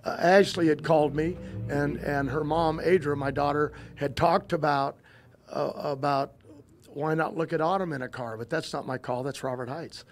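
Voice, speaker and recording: An older man, a drag racing team owner, telling stories in a casual interview, halting and often repeating himself as he restarts. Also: fairly high pitch, steady tone, soft background music.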